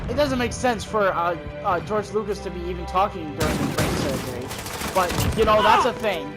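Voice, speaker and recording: Young guy rambling through a goofy story recap, high voice, loud music in the back. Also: moderate pace, low-quality recording. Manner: rambling, lots of fillers and restarts, jokey. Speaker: storyteller among friends.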